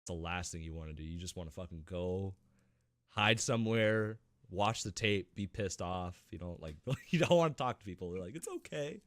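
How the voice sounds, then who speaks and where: A man co-hosting a gaming podcast in casual chat, animated and profane, often laughing. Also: low voice, moderate pace, dry recording. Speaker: podcast co-host.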